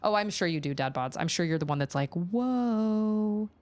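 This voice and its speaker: A woman streamer chatting casually with her viewers, a lively storyteller who acts out the lines she quotes. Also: low voice, fast.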